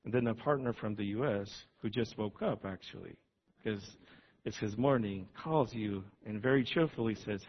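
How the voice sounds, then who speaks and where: Male preacher, low and earnest, reflective delivery, dull lo-fi audio. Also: normal speed. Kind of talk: sermon. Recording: dull lo-fi sound.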